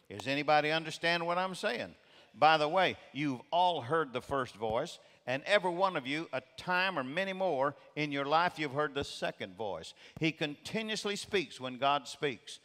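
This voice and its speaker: A man's voice: on the high side, animated, moderate pace, a bit bright. A man preaching a sermon as a guest speaker, emphatic and repeating key phrases for weight. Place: large church auditorium. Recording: long reverb of a large hall.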